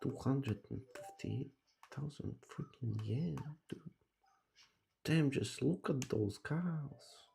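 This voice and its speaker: A man commentates a handheld game on a live stream, his voice dark and gravelly. He talks at an unhurried pace, musing aloud, then calls out loudly to a virtual puppy, swearing in his excitement. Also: mid-range voice, slight background noise.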